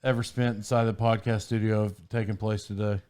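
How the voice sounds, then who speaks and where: A man's voice: fairly low pitch, flat delivery, fairly quick, darkish tone, clear, resonant tone. A man hosting a podcast in casual chat, telling a rambling story with frequent laughs and sidetracks. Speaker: podcast host.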